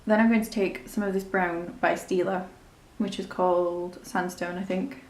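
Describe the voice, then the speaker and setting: A woman's voice: lowish voice, steady tone, moderate pace, a little mellow, reverberant. A woman talking through a makeup tutorial in a chatty, rambling, self-deprecating way. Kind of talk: casual step-by-step tutorial narration.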